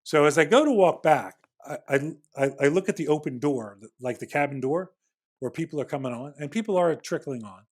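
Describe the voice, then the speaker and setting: A man's voice: fairly high pitch, expressive, brisk. Middle-aged man telling a rambling story. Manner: rambling anecdote with frequent restarts, acts out the dialogue. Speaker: podcast guest, former security agent. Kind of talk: casual storytelling in a podcast interview.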